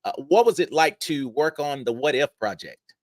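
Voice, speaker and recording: Male podcast host, admiring and eager; slightly higher pitch, dry sound. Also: animated, normal speed, no echo. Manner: enthusiastic, admiring interviewer. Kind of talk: podcast interview.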